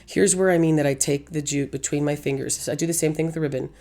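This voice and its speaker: Hoarse gravelly woman crafting tutorial. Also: deep voice, steady tone, fast talker, dark tone. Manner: chatty, rambling, self-correcting. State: hoarse, losing her voice. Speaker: craft channel host. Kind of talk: casual crafting tutorial voice-over.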